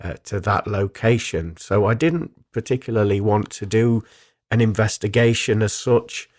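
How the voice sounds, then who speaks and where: A man with a lowish voice, speaking slowly and reflectively as a spiritual medium on his own radio show. He tells a personal story calmly, pausing often with ums and uhs. The recording is dry, with no room sound behind him. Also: no echo. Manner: calm, reflective, with frequent ums.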